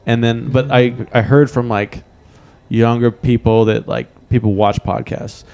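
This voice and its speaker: A man's voice: mid-range voice, level tone, a little slow, gravelly, a little mellow, smooth. A middle-aged man hosting a podcast, talking in a rambling, reflective way as he thinks aloud. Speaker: podcast host. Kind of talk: casual chat.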